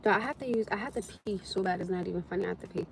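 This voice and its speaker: A woman's voice: mid-range voice, racing, gravelly, slight background noise. A woman hosting a casual livestream from her phone, reading scripture and thanking viewers, exclaiming and laughing often. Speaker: livestream host.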